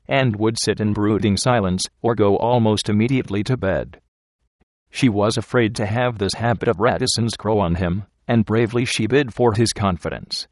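A man reading a novel aloud as narrator, in a measured, steady way. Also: lowish voice, dry recording, clean studio sound. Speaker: audiobook narrator.

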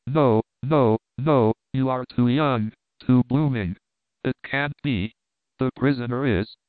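A man reading the lines of a frail, dazed old male ex-prisoner, with a halting, bewildered delivery, heard over a tinny phone-like line. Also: medium pitch, no room sound, lightly acted. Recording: dry tinny phone-like sound.

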